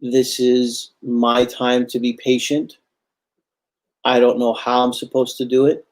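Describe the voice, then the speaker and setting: A man's voice: mid-range voice, level tone, measured pace. A man giving a Friday sermon as imam, earnest and repetitive for emphasis, addressing his listeners as brothers and sisters.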